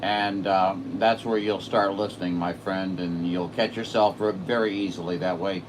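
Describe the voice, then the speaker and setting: A man on his home radio setup, chatting excitedly on the air with a distant station. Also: sits low, normal speed, noisy background. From Saint Louis, Missouri. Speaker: radio operator streaming live. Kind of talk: casual radio chat.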